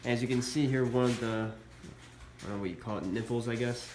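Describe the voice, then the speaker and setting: In a casual show-and-tell vlog, a man with a mid-range voice, stuffy from a cold, shows off military collectibles at a normal speed and a steady tone. He's hesitant and fills the pauses with lots of "uh." The recording has an echoey room and faint background noise.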